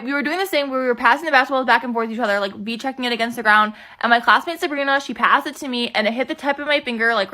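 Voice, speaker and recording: A woman's voice: on the high side, sharp tone. A young woman telling a funny story time to camera in a chatty, filler-heavy, self-mocking way.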